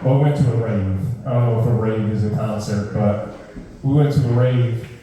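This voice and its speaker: A man's voice: lowish voice, moderate pace, slight background noise. A man performing a stand-up set at an open mic, ranting in disbelief with plenty of swearing. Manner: animated, profane, incredulous rants. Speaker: stand-up comedian. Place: open mic comedy room. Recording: very echoey room, mic far off.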